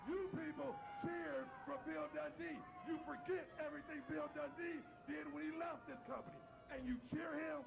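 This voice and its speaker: A man's voice: very high-pitched, fairly even intonation, moderate pace, gravelly, hardly any pauses, over loud music. A man cutting a brash wrestling promo in a TV studio, repeating himself and taunting the crowd. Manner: brash, repetitive trash talk.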